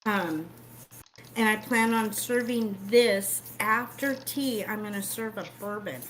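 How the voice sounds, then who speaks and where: A woman's voice: medium pitch, takes it slowly, fairly bright tone, rough recording. A woman hosting a casual cooking livestream, chatting and explaining each step as she bakes. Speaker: cooking show host.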